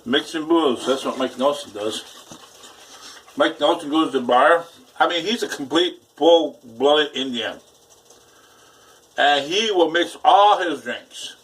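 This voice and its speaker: Cooking at home while vlogging to his viewers, a man rambles in a crude, casual way full of swearing. He speaks slowly with frequent pauses in a somewhat high, slightly bright voice, and the distant mic catches faint background noise.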